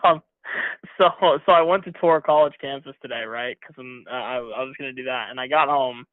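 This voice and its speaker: A man's voice: mid-range voice, fairly quick, no echo. Tired young man calling in by phone. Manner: casual, rambling, filler-heavy. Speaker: caller. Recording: tinny phone line.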